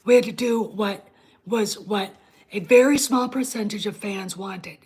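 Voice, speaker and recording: A woman's voice: medium pitch, measured pace, darkish tone, husky. A woman hosting her own online show, ranting bluntly and with plenty of swearing while talking straight to her live chat. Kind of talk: casual livestream rant.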